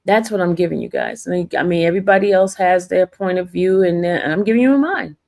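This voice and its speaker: Chatting casually on her livestream, a woman defends herself to viewers she calls y'all, laughing frequently. Her lowish voice is creaky with a darkish tone, animated and brisk.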